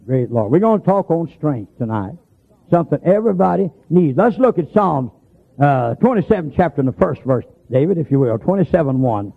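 A man preaching in a gravelly, husky voice, folksy and telling stories, now and then rising to loud emphatic hollers. The sound is thin and tinny, like a phone line. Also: a little high, very animated, fairly quick. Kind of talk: sermon.

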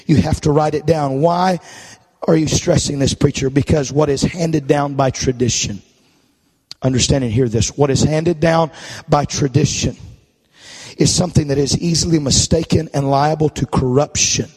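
A male preacher delivering a sermon, rising into shouted, sing-song preaching with rhythmic uh's. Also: a little high, fairly even intonation, moderate pace, husky, long reverb tail. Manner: building to chanted, shouted preaching.

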